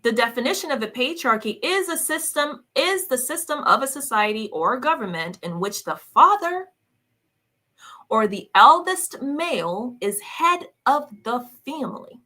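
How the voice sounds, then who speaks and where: A fairly high, bright woman's voice that swings widely up and down. She hosts a reaction commentary and sounds scornful and combative, hammering the same questions again and again. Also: sing-song, moderate pace. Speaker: commentary host reacting to clips.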